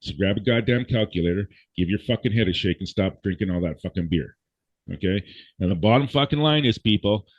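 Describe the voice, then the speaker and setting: A man's voice: fairly low pitch, expressive, fairly quick, no room sound. A man speaking as a guest in a blunt, profane, lecturing rant, hammering his points home with emphasis. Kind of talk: blunt ranting conversation. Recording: dull, dry lo-fi audio.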